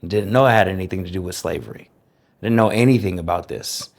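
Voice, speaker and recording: An American man telling his personal story in an interview, speaking in a reflective, earnest way with careful, clear enunciation. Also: low-pitched, brisk, a little mellow. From United States.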